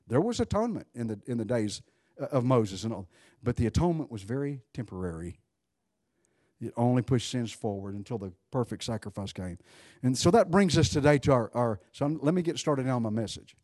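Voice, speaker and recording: A man preaching a sermon in an animated, conversational way, swinging between loud bursts and hushed asides while joking with his congregation. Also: medium pitch, a little fast, no echo, studio quality. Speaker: pastor.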